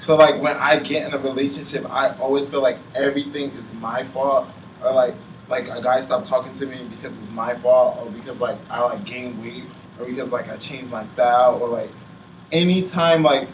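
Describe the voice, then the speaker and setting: A young man talks through his feelings in a halting, filler-packed way, close to tears. He is picked up from a distance in a roomy space, with a faint hiss behind him. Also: mid-range voice, steady tone. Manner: heavy use of "like", halting, on the verge of tears. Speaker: panelist. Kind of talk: emotional casual chat. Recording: roomy sound from a distant mic with faint noise.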